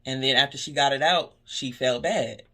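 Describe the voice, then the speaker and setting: A woman who works as a cashier, talking in a casual vlog, telling animated stories about customers and preaching positivity. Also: a bass voice, normal speed. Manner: animated storytelling, acting out customer exchanges.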